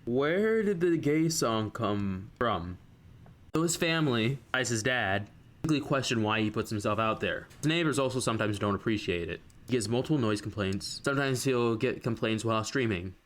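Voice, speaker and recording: A man interviewing a musician and narrating the video, with halting, filler-laden questions. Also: mid-range voice, expressive. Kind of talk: casual interview and voice-over narration.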